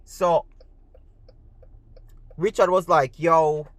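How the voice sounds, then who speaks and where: A man's voice: high voice, lively intonation, measured pace, bright, forceful tone, no echo. A man with a Jamaican accent telling a personal story in a chatty way, mixing in patois and often asking "you see me?". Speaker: storyteller, gymnastics coach.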